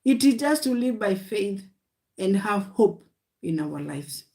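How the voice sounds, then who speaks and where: A woman's voice: medium pitch, big pitch swings, slow, gravelly, mellow. A woman preaching a livestream sermon. She speaks in short, repeated exhortations and often calls her listeners "guys.". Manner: speaks in short declarations of faith.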